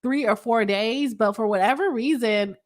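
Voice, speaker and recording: A woman, a lawyer chatting her way through a live stream and reading viewer comments aloud. Her voice sits a little high, and she laughs often. A cold leaves her coughing now and then. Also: normal speed.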